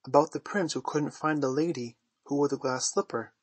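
A man's voice: fairly high pitch, a little fast, breathy edge, dry recording. A man reading aloud voices a cocky, sly boy who never grows up, speaking in a coaxing, wheedling way. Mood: eager.

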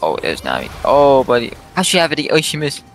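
Gravelly, lively-voiced gamer man. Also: mid-range voice, fairly quick, soft background music. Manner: reactive play-by-play, repeats himself. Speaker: gaming streamer. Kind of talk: excited gameplay chat.

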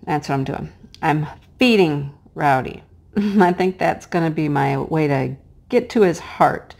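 A middle-aged woman chatting casually while she crafts, her voice hoarse and cracking, sometimes dropping to a hush as she works. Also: sits low, unhurried. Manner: chatty and homey, drops to a hush while placing pieces. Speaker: crafting vlogger and teacher. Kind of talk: casual chat while diamond painting.

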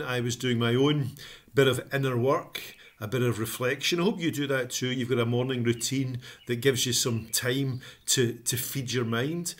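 A man talking casually to camera as a motivational vlogger, upbeat and encouraging, with frequent ums. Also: mid-range voice.

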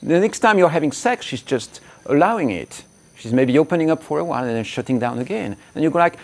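A man coaching other men on relationships, blunt and emphatic, cursing freely. His voice runs a little high for a man and swings widely up and down as he presses his points. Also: big pitch swings, fairly quick, a little mellow. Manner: blunt, emphatic, swears freely, acts out angry quotes. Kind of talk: direct-to-camera coaching talk.

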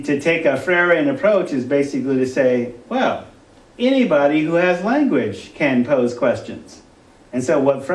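A male college instructor giving a conversational classroom lecture, halting often with fillers and restarts. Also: fairly high pitch. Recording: roomy classroom from a distant mic.

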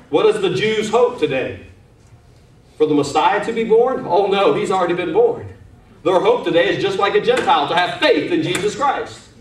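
A man preaching a sermon as pastor, fervent and calling out to his church. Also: sits high. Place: church sanctuary. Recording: echoey church room, mic at a distance.

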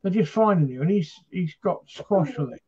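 A man's voice: high-pitched, animated, normal speed, darkish tone, slightly rough, muffled recording. A man from Britain hosting a paranormal chat show, telling stories in a rambling, casual way with lots of fillers.

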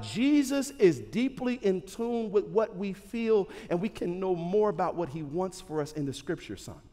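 A man preaching a sermon to his church in a lively, joking, conversational way. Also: on the high side. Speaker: pastor. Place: large church hall. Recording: hall reverb.

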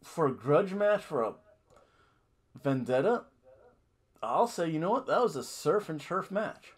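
A man's voice: a little high, animated, a little slow, breathy edge. A man hosting a wrestling podcast, recapping a show in a rambling, self-correcting way with jokey asides.

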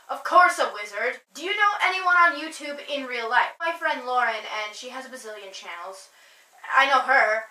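A woman's voice: high voice, animated, fairly quick, sharp tone, reverberant, rough recording. Chatty teenage girl. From Minnesota. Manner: chatty, apologetic, reads words aloud carefully. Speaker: vlogger. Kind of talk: casual vlog, accent challenge.

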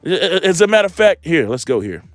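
A man preaching an informal, rambling sermon, swearing often, tacking "man" onto his lines and slowing right down to read scripture aloud. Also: fairly high pitch, very animated, no room sound, faint music behind. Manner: rambling, profane, confrontational, repeats "man"; reads scripture slowly and deliberately. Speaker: street preacher.

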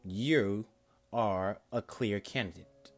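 A man voicing an older sage ninja in a homemade story video, his words slow, low and measured. Faint music plays in the background. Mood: pleading.

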